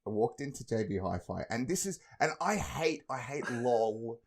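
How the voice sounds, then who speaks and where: A young man co-hosting a podcast tells stories casually and animatedly, swearing a lot and laughing often. His voice is husky and medium-pitched, at a moderate pace.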